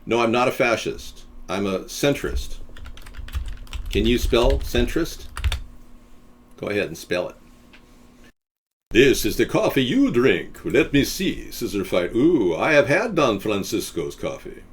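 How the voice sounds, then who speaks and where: A man hosting a live video-chat show in a rambling, joking, teasing way. His voice is low and husky, and his pitch swings widely as he talks. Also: sing-song, unhurried, pauses often. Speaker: host.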